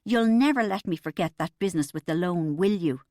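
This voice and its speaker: Shrill posh wife, as a reader puts her on. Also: lively intonation, fairly quick, a little mellow, dry recording, clean studio sound, close to an everyday voice. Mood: defensive. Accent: Irish, put-on posh. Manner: shrill, defensive.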